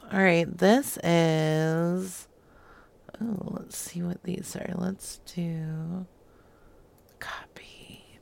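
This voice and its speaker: Low gravelly lady chatting slow and giggly, drops to whispers a lot. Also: a little mellow. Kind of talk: casual chat.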